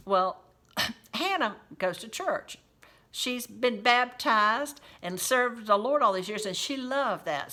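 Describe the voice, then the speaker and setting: A woman's voice: mid-range voice, sharp tone. A woman who works as a home caregiver, telling chatty, folksy, faith-filled stories and speaking straight to her listeners. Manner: chatty, folksy, quotes scripture. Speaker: home caregiver sharing memories. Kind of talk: casual faith-based storytelling.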